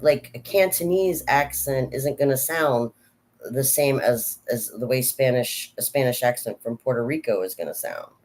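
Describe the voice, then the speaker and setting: A vlogger and actor chatting casually to camera, meandering from thought to thought with frequent restarts and fillers. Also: medium pitch. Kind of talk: casual rambling chat to camera.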